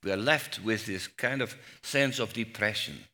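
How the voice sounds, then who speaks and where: A man preaching a sermon on the Psalms, slow and emphatic, rising to loud cries when he quotes scripture. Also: on the low side. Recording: long hall reverb.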